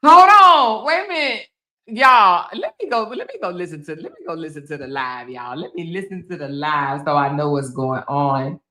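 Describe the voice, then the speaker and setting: A woman's voice: normal speed, a little hiss or hum. A woman hosting a casual livestream, reading viewer comments aloud and laughing, teasing and swearing freely as she talks straight to her viewers. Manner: animated, swinging between loud exclaims and low asides. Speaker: blogger and livestream host.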